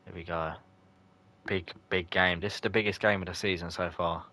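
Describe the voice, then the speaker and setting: A deep, low-voiced man gives loose, casual commentary on his football video game during a live stream, reacting to chat and addressing viewers by name. His delivery is flat and sharp in tone, at a moderate pace. He jokes in slang and curses whenever a match goes badly.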